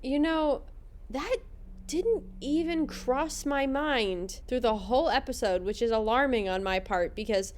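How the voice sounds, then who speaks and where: A woman's voice: high-pitched, a little hiss or hum. A woman hosting a podcast, narrating a scripted comedic recap in a wry, sarcastic way. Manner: wry, sarcastic, quick to laugh. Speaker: podcast host.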